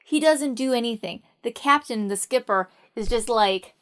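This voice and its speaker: A woman's voice: a little high, moderate pace, fairly bright tone, clear, resonant tone. A woman telling a fairy tale in a casual, playful way with wry asides. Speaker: storyteller.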